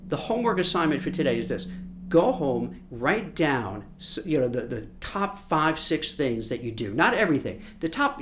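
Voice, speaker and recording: A man giving a casual career-coaching lesson, acting out little scenes with hummed sound effects and restarting words as he goes. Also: on the high side. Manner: conversational, repeats words as he restarts. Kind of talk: casual instructional talk.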